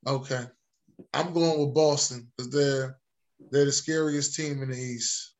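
A man hosting a casual sports podcast, running the picks and teasing his co-hosts in quick, exclaiming bursts. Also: medium pitch, fairly even intonation. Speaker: host.

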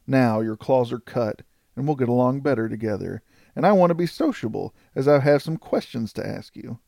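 A man voicing a stern, cool-headed male frontier scout in an audiobook, speaking in a measured way. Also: mid-range voice, animated, gravelly, a little mellow, no room sound, studio quality.

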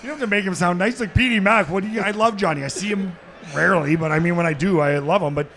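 A middle-aged man from Canada, a podcast guest telling stories and acting out quotes, laughing and shouting at the punchlines. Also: high-pitched, fast, vocal fry. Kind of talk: animated storytelling. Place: sports bar, live taping.

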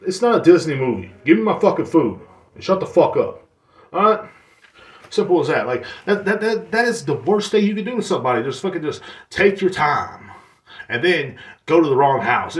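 Profane ranting man in an echoey room. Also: medium pitch. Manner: profane, exasperated ranting with mocking impressions. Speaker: podcast host. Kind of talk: solo ranting monologue.

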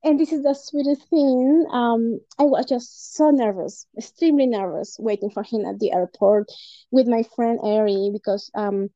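A woman's voice: fairly high pitch, moderate pace, dry recording, dull audio. Laughing Peruvian-born woman telling a story. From Peru. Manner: warm storytelling, laughs often, many fillers. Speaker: podcast guest. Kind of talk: casual chat. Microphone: home podcast mic.

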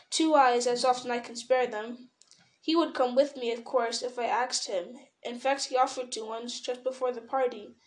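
A woman's voice: fairly high pitch, lightly acted. A woman reading old hobbit Bilbo, fretful and stubborn. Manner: fretful, turns sharp and defensive. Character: elderly male hobbit, fussy, stubborn, possessive.

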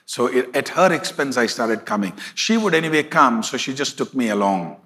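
A man voicing a tearful young woman from his congregation, telling her story earnestly and slightly lower than his own voice. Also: big pitch swings, moderate pace, sharp tone.

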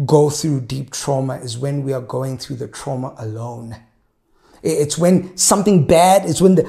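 Pastor guy preaching, kinda gravelly, slightly high voice, slows down on the big points. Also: mellow. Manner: measured preaching, slows for emphasis. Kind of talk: sermon.

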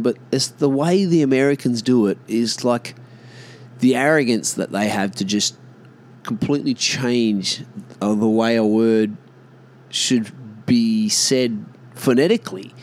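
Slow, low-voiced man on an exasperated rant. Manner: exasperated, swearing, mock-spelling words. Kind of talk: casual rant to camera.

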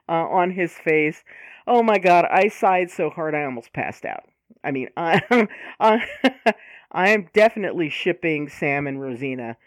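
A woman's voice: lowish voice, dry recording, clean studio sound. A woman co-hosting a casual podcast chat, with many fillers, laughs and sighs. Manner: chatty, lots of fillers, laughing, sighing. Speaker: podcast co-host.

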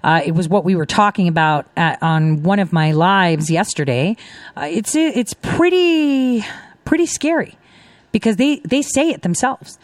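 A middle-aged woman hosting a casual commentary show, talking in an animated, emphatic way with mocking asides. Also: on the low side, measured pace, no room sound. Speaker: host.

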